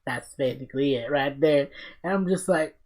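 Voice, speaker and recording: A man hosting a casual podcast, telling stories in an excited, profane, rambling way. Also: medium pitch, normal speed. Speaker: podcast host.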